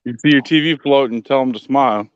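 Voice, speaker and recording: A man's voice: mid-range voice, fast, slight background noise. A man chatting casually with friends, recalling old times with swearing. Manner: reminiscing, profane. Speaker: friend in the chat. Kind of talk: casual chat. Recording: dull lo-fi dry sound.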